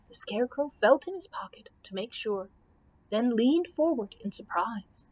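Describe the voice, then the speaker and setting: Casting: librarian, woman, storybook read-aloud, bright higher voice, expressive. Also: a little slow, husky.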